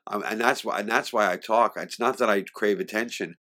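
Brief: middle-aged man, chatty interview guest, rapid animated delivery, lowish voice. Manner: fast, animated talker. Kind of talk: casual storytelling interview.

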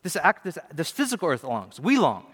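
A man preaching a sermon in a loose, animated way, with slangy asides and playful acted-out voices. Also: a little high, fairly quick, slightly rough. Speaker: pastor. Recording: long reverb of a large hall.

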